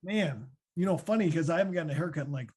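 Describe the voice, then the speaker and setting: A man in his thirties with a Midwestern American accent, answering podcast questions as a former linebacker in a chatty, animated way. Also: a little high, fast talker, husky. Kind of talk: casual podcast Q&A.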